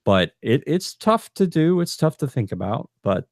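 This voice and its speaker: A man's voice: on the high side, very animated, normal speed, gravelly, a little mellow, dry recording, studio quality. A man co-hosting a podcast, chatting casually and bluntly, rambling with lots of stumbling restarts. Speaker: podcast co-host.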